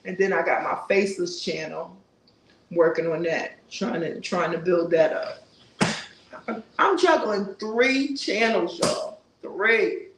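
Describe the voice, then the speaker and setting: Chatty woman in her sixties, gravelly. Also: fairly low pitch, slow, reverberant, slight background noise, rough recording. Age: 60s. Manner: chatty, warm churchy asides, reads viewer comments aloud. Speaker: YouTube host reading live chat. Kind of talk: casual live-stream chat.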